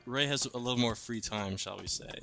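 A man's voice: medium pitch, a little fast, gravelly, over loud music. A young man, a webcomic co-creator, in casual podcast banter, teasing his co-host with wry asides.

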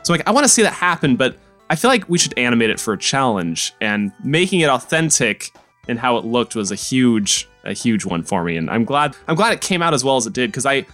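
A man co-hosting a casual podcast about his webcomic, talking in an animated, joking way. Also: medium pitch, faint music behind. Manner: animated, joking, quick to laugh. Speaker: podcast co-host and webcomic creator.

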